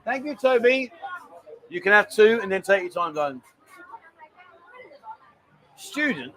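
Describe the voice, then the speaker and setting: A man with a rather high voice hosts a casual live stream from a busy bar. He chats loosely, cracks jokes and reads out viewers' messages. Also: very animated, a little slow, pauses often, fairly bright tone.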